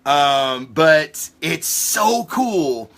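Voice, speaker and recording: Guy hosting a comics review stream, bright fairly high voice, hyped and rambling, swears a ton. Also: extremely slow. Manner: excitable, profane, rambling. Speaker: comic book show host. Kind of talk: casual livestream review.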